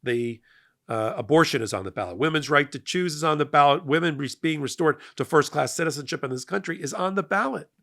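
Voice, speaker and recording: Middle-aged male host, gravelly and bright-toned, emphatic and energetic political commentary. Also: on the high side, a little fast. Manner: emphatic, energetic, rising to loud peaks. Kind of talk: passionate political monologue.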